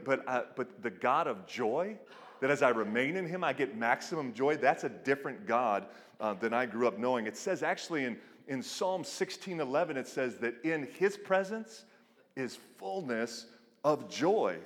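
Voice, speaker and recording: Animated middle-aged male pastor preaching. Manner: animated storytelling, acts out quotes with big pitch jumps. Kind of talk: sermon. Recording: long hall reverb.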